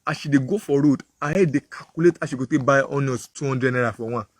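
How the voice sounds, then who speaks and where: A man's voice: mid-range voice, fast talker, no room sound. A man with a Nigerian accent, a preacher giving a moral talk full of vivid, repetitive storytelling.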